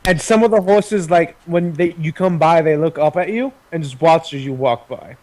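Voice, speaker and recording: A man narrating as game master of a tabletop game, casual and halting, with many pauses and ums. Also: on the high side, darkish tone.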